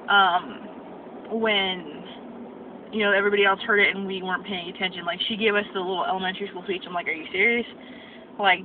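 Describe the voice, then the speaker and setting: Ranting young woman on a tinny phone. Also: medium pitch. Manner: ranting, acts out quoted people. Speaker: medical assistant student vlogger. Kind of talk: venting vlog rant. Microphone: phone camera. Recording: tinny phone audio with noise.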